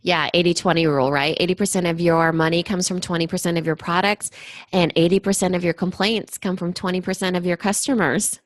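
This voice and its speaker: A woman's voice: on the low side, fairly even intonation, a little fast, no room sound. A woman co-hosting a business podcast, chatting casually in an upbeat, playful way. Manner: upbeat, playful, laughs easily. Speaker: podcast co-host. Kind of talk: casual business advice chat.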